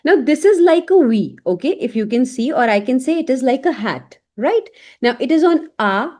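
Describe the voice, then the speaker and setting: A woman teaching an online French lesson in English, speaking slowly and saying each example word several times. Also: sits high, animated, darkish tone.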